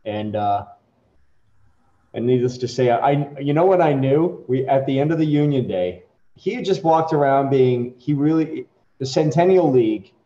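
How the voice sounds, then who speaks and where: A middle-aged man, a company chief, chatting casually before a software demo and telling rambling stories that break off and restart. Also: mid-range voice, animated, normal speed. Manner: rambling, self-interrupting storytelling. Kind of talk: casual chat. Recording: echoey, dull lo-fi room sound.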